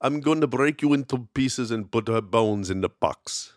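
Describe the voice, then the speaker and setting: A man voicing the stern old witch Baba Yaga scolding a girl, in a quiet, flat tone. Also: mid-range voice, normal speed, no room sound, studio quality, natural voice. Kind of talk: storytelling aside.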